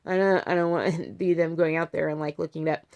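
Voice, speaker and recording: A woman talking in a casual video diary about her health, rambling with many "like" fillers and swinging between soft, heartfelt talk and fired-up outbursts. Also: sits low, steady tone, fast talker, highs cut off. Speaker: vlogger sharing a health update.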